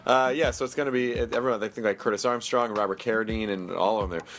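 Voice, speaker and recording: A podcast host with a lowish male voice chats casually and cracks jokes, reading ads with quick, silly bursts in an animated, jokey way. There's slight background noise.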